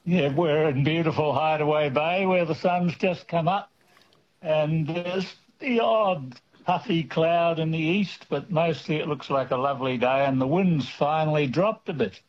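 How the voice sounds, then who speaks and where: A man calling in to a radio show, friendly and measured. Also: a little high. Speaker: caller. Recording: muffled phone line.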